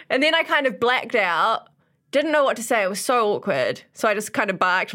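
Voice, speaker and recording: A young woman co-hosting a casual podcast, telling stories with animated, laughing delivery. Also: a little high, normal speed. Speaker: podcast co-host. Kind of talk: casual chat.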